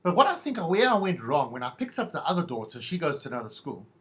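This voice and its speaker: A man's voice: on the high side, big pitch swings, fast talker, fairly bright tone. A middle-aged man hosting a podcast, telling a rambling, self-mocking monologue in a wry, stop-start way. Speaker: podcast host.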